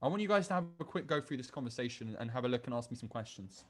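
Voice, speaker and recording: A man's voice: medium pitch, lively intonation, very fast. Blunt, crude male dating coach. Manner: blunt and crude, with frequent restarts. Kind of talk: online masterclass talk.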